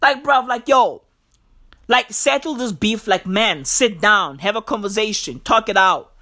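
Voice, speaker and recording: A man ranting about the news in a profane, excitable comedic vlog, packed with slang. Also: high-pitched, unhurried. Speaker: vlogger.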